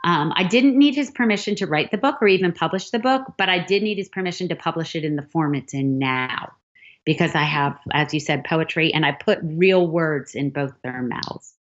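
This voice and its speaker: Lively woman, novelist guest. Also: low voice, moderate pace. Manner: animated storyteller, acts out quoted dialogue. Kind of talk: storytelling interview answer. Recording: dull lo-fi sound.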